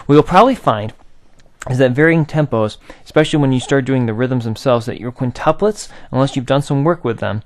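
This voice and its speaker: A man's voice: mid-range voice, lively intonation, brisk, background noise. A man teaching a recorded aural theory lesson, patiently explaining and chanting rhythm syllables.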